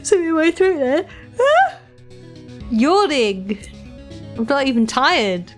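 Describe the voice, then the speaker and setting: A woman's voice: high voice, very animated, unhurried, faint music behind. A woman streamer making chatty, self-mocking asides during a live gameplay stream. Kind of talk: casual live-stream chat.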